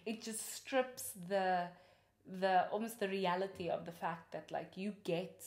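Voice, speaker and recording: A woman host chatting casually about films, animated and quick to laugh, with many fillers. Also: mid-range voice, roomy sound. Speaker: podcast host. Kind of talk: casual film review.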